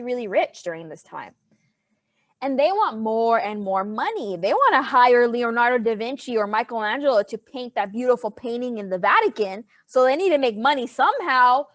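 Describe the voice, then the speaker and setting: A woman's voice: a little high, dry recording, studio quality. A woman history teacher giving an online class lecture over a video call, chatty and playful with her students.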